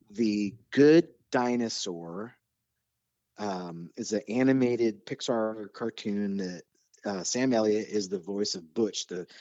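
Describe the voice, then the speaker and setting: A man's voice: lowish voice, no room sound, lo-fi sound. A man hosting a podcast, telling stories in a casual chat and getting passionate and nerdy about his subject. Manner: animated storyteller, gets excited and nerdy. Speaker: podcast host.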